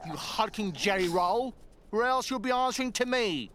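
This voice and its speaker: A man's voice: high voice, animated, moderate pace, fairly bright tone, slight background noise. An actor playing a crude, leering male thug in a video game, sneering and mocking with frequent chuckles.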